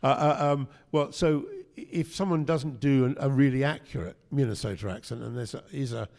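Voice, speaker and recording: A man's voice: medium pitch, moderate pace, creaky, darkish tone. An older man, a guest actor, telling chatty anecdotes at a convention panel interview, with frequent restarts. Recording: echoey hall.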